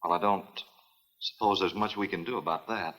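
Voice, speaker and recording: An actor playing an absent-minded lab assistant in a 1950s film, dry and matter-of-fact. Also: male voice, sits low, steady tone, normal speed, a bit bright, low-quality recording. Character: absent-minded male geneticist, curt and dry.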